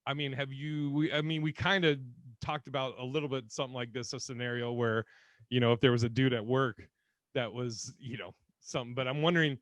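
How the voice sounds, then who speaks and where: A man's voice: medium pitch, dry recording. Joking man with a dry close sound. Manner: joking, laughs often, swears freely. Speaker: podcast co-host. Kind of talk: casual comedic chat.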